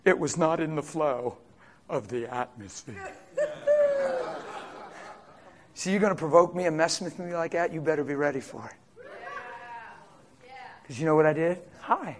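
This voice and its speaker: A man preaching a sermon as pastor, swinging from hushed storytelling to loud, fervent shouting. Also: fairly high pitch, normal speed, long pauses, slight background noise.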